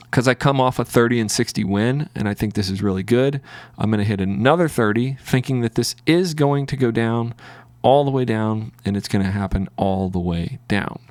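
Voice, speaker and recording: A man's voice: lowish voice, dry recording. A man with a Southern US accent, hosting a trading video and narrating his screen in a rambling way with many fillers. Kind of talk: casual screen-recording commentary.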